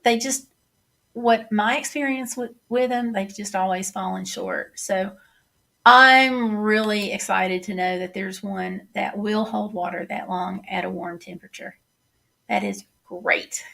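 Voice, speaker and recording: Chatting through a casual livestream, this middle-aged woman with a Southern accent reads out viewers' comments and responds to each. She speaks at a measured pace in a mid-range, steady voice that is gravelly, bright and forceful.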